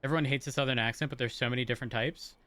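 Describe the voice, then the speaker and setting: Gaming on stream, a man chats loosely with his viewers, his explanations wandering and full of self-interruptions and restarts. He speaks rapid-fire at a medium pitch, steady yet bright and forceful, with no room sound. He's from a rural area and then a city.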